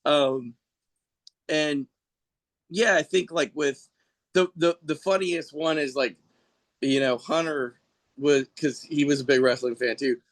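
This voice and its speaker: Man, podcast guest, slightly high voice, rambling casual chat, laughs a lot. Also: steady tone, slow pace, long pauses. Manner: rambling, laughs often, mimics people in quotes.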